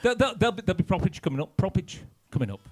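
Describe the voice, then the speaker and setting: A man's voice: high voice, sing-song, racing, darkish tone. A man with a Lancashire accent hosting a band's live stream, cheery and rambling, poking fun at himself. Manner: cheery, rambling, self-mocking. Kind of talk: live stream banter and announcing. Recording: live stream with band music behind.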